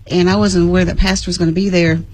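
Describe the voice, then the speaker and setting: A woman sharing an earnest, halting testimony in a casual church group. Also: on the low side, level tone, a little mellow, no echo, low-quality recording.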